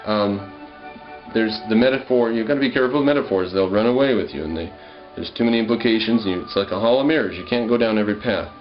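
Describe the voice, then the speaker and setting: Guy with a lowish voice talking through his own poem, lots of ums, kinda muffled lo-fi sound. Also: fast, soft background music. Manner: musing, reads lines aloud then explains, frequent ums and restarts. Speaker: poet. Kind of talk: casual spoken commentary on his own poem.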